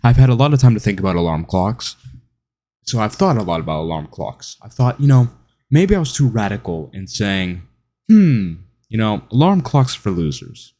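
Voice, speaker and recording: A man with a lowish, mellow voice delivers a mocking, opinionated monologue. He talks straight to his listener and now and then slips into whiny impressions of other people. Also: very animated, brisk. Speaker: online commentator. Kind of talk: monologue to camera.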